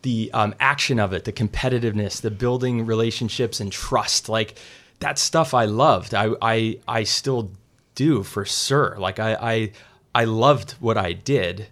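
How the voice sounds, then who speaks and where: A man's voice: fairly low pitch, measured pace. A man, a restaurant co-owner who used to work in finance, telling a story in a casual interview and acting out what others said. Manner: animated, quotes others in voices.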